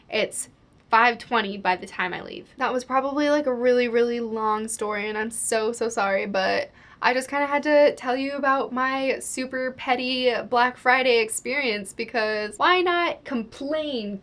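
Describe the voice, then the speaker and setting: A woman's voice: fairly high pitch, a bit bright. A young woman telling a storytime vlog to the camera, chatty and exasperated, full of "like". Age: young adult. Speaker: vlogger.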